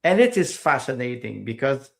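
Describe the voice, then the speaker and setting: Gravelly-voiced guy on a podcast, lots of uh and restarts, non-native english. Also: medium pitch, sing-song, moderate pace. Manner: hesitant, many fillers and repeated words. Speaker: podcast guest. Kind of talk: casual interview conversation.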